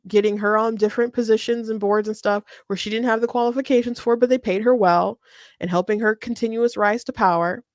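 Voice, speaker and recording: A woman's voice: mid-range voice, no echo. Brief: woman host, political commentary, sarcastic, laughs a lot, close and dry. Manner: chatty, laughs often, many fillers and restarts; scornful, sarcastic.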